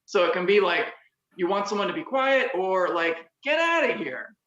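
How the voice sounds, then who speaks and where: A woman's voice: on the low side, moderate pace, a bit bright. A woman in casual podcast chat, explaining things in a rambling way with many fillers. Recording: roomy, dull lo-fi sound.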